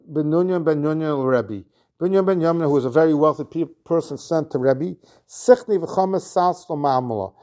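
A man's voice: fairly high pitch, a little mellow. Man explaining a Talmud lesson. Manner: reads Aramaic phrases then explains them, with restarts. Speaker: Talmud teacher. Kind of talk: Talmud lesson, translating Aramaic into English.

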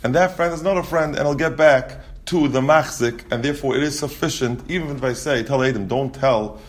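A man's voice: medium pitch, fairly quick. A man teaching a Talmud class. He reads the Aramaic text aloud and explains it in English, often restarting his sentences.

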